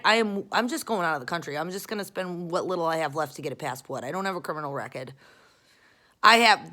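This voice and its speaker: A woman vlogging at home, rambling bluntly and swearing as she talks to a camera she holds close, jumping between loud outbursts and quiet mutters. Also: fairly low pitch. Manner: rambling, profane and blunt, often restarting. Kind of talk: casual confessional rant.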